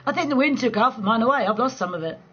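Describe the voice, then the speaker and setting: A woman's voice: a little high, animated, rapid-fire, a bit bright, slightly rough. A woman in her forties hosting a casual late-night chat with viewers, laughing often, swearing freely and rambling through restarts. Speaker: live stream host chatting with viewers. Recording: dull lo-fi stream audio with faint noise.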